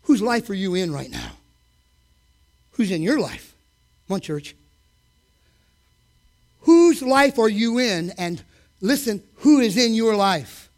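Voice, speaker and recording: Male preacher in church, very high voice with big swoops in pitch; shifts from hushed asides to shouting. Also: unhurried, pauses often. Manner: animated preaching that swings from quiet asides to shouted peaks. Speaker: preacher and coach. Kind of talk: sermon.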